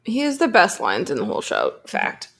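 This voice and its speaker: A woman guest on a casual podcast whose voice swings up and down in lively fashion. She states her opinions dryly and with emphasis. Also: lowish voice, moderate pace, vocal fry, faint music behind.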